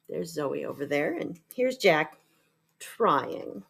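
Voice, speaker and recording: A woman reading a children's picture book aloud, animated and coaxing, turning to the listener with questions. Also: sits low, slow, gravelly, slightly rough.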